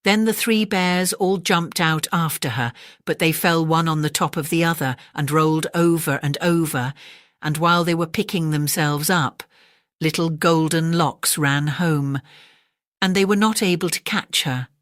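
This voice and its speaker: A woman with an English accent gently narrating a bedtime story audiobook. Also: sits low, no echo, clean studio sound. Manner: gentle, measured.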